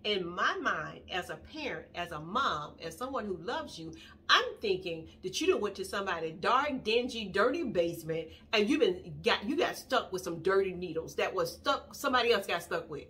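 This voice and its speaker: A middle-aged woman vlogger telling a family story to camera in a casual, rambling, animated way. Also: mid-range voice, normal speed. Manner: animated, rambling, acts out quoted voices.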